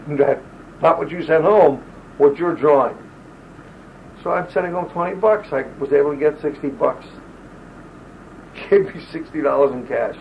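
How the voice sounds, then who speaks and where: This older man's voice is mid-range with vocal fry, heard on a home recorder's lo-fi old tape with faint hiss. As an army veteran interviewee in an oral-history session, he wanders through wartime stories, straying from the point and acting out quoted voices.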